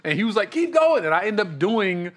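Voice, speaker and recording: A male comedian telling a story in casual chat, acting out quotes with big jumps in his voice. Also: fast. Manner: animated, acts out quotes with big pitch jumps. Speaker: comedian guest.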